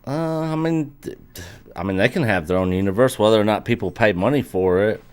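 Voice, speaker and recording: A man's voice: lowish voice, lively intonation, brisk, clean tone. A man co-hosting a live stream, adding wry, joking remarks. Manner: wry, jokey asides. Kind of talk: casual live stream chat.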